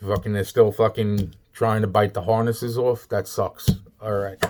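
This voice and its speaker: A man's voice: lowish voice, little pitch movement, moderate pace, few pauses, darkish tone, slight background noise. A man in a rambling, agitated, profane monologue, repeating himself. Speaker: vlogger.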